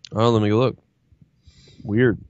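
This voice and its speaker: A man streamer chats casually, rambling and swearing a lot as he tells a story packed with quoted back-and-forth. His voice is lowish and a little mellow. The recording is dry and the audio dull.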